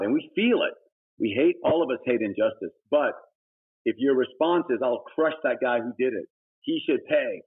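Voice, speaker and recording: Man, middle-aged, missionary guest, breathy voice, passionate testimony, sudden loud emphatic peaks, thin phone-quality sound. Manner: earnest and preachy, with sudden emphatic high bursts. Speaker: guest, humanitarian missionary leader. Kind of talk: personal testimony in conversation. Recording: tinny phone-like audio.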